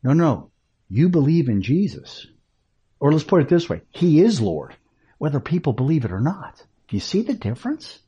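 A male pastor preaching on a radio show, emphatic and often dropping into hushed, whispered words. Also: a little high, big pitch swings, moderate pace, slightly rough, muffled recording.

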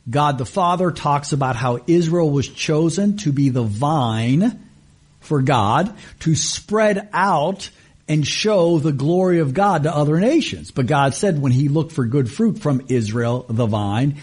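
A man delivers a sermon in a teaching tone, leaning on key words and drawing them out. His voice is slightly husky. His pitch swings widely as he poses rhetorical questions and answers them. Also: a little mellow. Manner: emphatic, teaching tone with frequent slow, drawn-out stresses and rhetorical questions. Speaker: pastor.

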